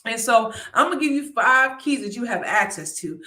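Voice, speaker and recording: A woman hosts a live online show where she motivates in a chatty, lively manner, constantly turning to the audience with "y'all" and "right?". Her voice is on the high side at a moderate pace, reverberant and far from the mic.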